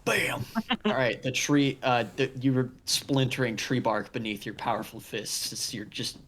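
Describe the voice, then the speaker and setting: Guy gm doing dry deadpan narration for a tabletop game, normal pitch. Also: normal speed, a little hiss or hum. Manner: deadpan, wry descriptions. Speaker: game master.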